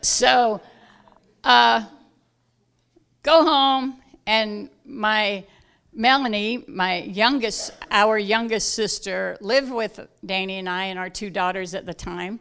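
A woman from South Georgia, telling a personal story in casual talk, animated and acting out the voices of the people in it. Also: medium pitch, slow, gravelly, clean tone. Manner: animated, acts out quoted voices loudly, laughs while telling. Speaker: guest telling a testimony.

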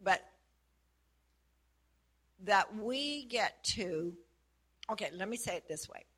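A woman's voice: medium pitch, animated, slow pace, fairly bright tone, slightly rough. A woman who works as a prayer facilitator, sharing her experience casually and earnestly, laughing often as she talks. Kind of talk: casual testimony.

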